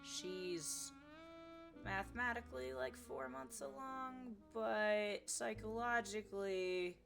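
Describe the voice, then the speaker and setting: A woman's voice: mid-range voice, takes it slowly, gravelly, over music, voice pushed up. A woman voicing a blunt, sarcastic young wife who talks in a dry, casual way with plenty of fillers. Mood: sardonic.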